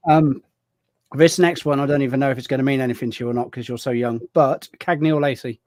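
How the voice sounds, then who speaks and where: Relaxed middle-aged co-host, dry sound. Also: male voice, mid-range voice, fast, no room sound. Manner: relaxed, friendly questioning with many ums. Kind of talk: casual chat.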